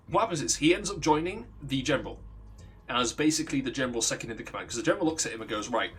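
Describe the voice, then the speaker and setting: A young man's fairly high, slightly bright voice moves at a quick, animated pace, with a faint hiss or hum underneath. Streaming, he casually tells a long backstory full of rambling, profanity, and self-interruptions where he restarts his sentences.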